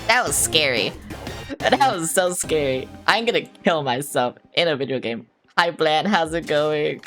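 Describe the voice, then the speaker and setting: A young woman with a low voice chats loosely while streaming a video game, blunt and quick to swear at herself. Faint music plays behind her. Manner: blunt, swears often, self-mocking. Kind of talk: casual live-stream chatter.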